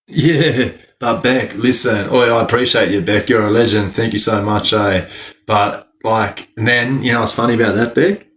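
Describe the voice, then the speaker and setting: A man's voice: on the low side, steady tone, normal speed, fairly bright tone. A young Australian man chatting casually on a live stream, laughing often and talking in heavy slang. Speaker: livestreamer.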